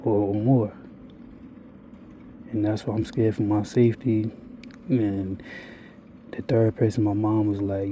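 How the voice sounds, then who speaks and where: A man talks straight to his viewers in a blunt, rambling confessional, swearing freely. His voice sits low and very dark, with a mellow, relaxed timbre. He barely moves his pitch, staying flat and even throughout. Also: measured pace, long pauses, slight background noise. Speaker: vlogger. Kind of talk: confessional monologue.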